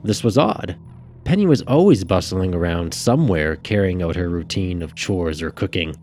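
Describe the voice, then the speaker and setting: Deep-voiced male audiobook narrator. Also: animated, normal speed, darkish tone, a little hiss or hum.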